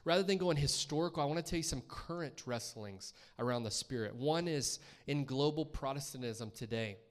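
A man's voice: mid-range voice, brisk. A man preaching a sermon as a guest speaker in a church, talking conversationally and asking the congregation questions.

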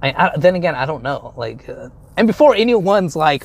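A man's voice: fairly high pitch, big pitch swings, normal speed, vocal fry, hardly any pauses. A young adult man telling a story in a casual monologue, rambling along with lots of fillers and casual swearing.

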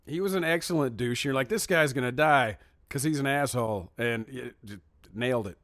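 A man's voice: medium pitch, fairly quick, no echo, studio quality. A man co-hosting a podcast, recapping a film in casual chat and acting out quoted lines. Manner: animated, acts out quoted lines. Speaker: podcast co-host.

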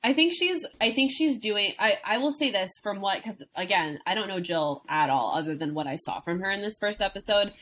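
A woman's voice: mid-range voice, lively intonation, brisk, hardly any pauses, a bit bright. A woman co-hosting a podcast in a casual chat, speaking bluntly and emphatically, with the odd swear word. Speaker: podcast co-host. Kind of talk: casual chat recapping a reality show.

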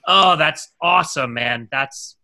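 A man's voice: fairly high pitch, slow pace, pushed and bright. A man hosting a sports podcast in casual chat, rambling and jokey with plenty of enthusiasm. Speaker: podcast host.

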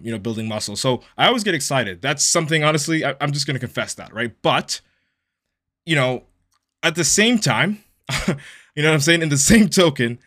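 Young gym coach guy ranting on his podcast, swears a lot, punchy bright voice. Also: on the high side. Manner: blunt, profane, fired-up ranting. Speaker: podcast host, online fitness coach. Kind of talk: casual podcast monologue.

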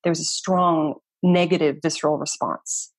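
A woman in her thirties, a researcher and community founder, talking quickly and animatedly in a casual interview, often saying "like" and "you know.". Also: low voice, fairly even intonation, dry recording, studio quality.

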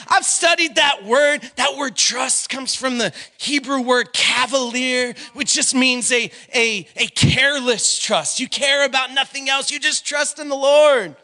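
A man preaching a sermon in an animated way, at times breaking into shouts and brief singing. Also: very high-pitched, measured pace, hardly any pauses.

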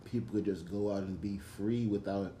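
A man's voice: low voice, steady tone, normal speed, dark tone, slight background noise. A man co-hosting a podcast from St. Louis, telling jokey stories and swearing freely in a casual chat. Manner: joking, storytelling, profane. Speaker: podcast co-host.

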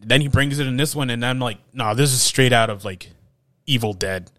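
A man's voice: mid-range voice, brisk, fairly bright tone, no echo, studio quality. A man co-hosting a casual film podcast, laid-back and chuckling, often trailing off mid-sentence. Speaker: podcast co-host.

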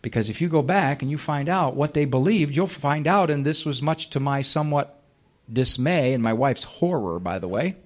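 A man's voice: on the high side, animated, moderate pace. A man giving a live talk to an audience, emphatic and sarcastic, firing off rhetorical questions.

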